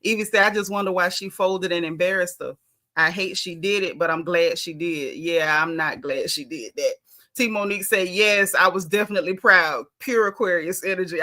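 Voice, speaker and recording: A woman, chatting sassily and animatedly as she recaps a reality TV episode. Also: fairly low pitch. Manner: sassy, animated, mimics cast members' quotes. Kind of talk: casual reality TV recap chat.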